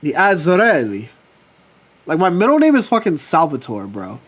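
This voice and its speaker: A man chatting casually with his livestream viewers, telling personal stories with lively swearing. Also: a little high, normal speed. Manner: animated storytelling, swears casually. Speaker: streamer.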